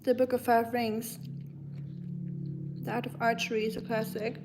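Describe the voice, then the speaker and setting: A young woman with a slightly high voice hosts a relaxed livestream from her kitchen. She chats and muses with her viewers, answering them between bites. Soft clinks of cutlery and dishes sit faintly behind her. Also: moderate pace, background noise. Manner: chatty, musing, answers chat while eating. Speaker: livestream host. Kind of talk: casual chat with live chat viewers.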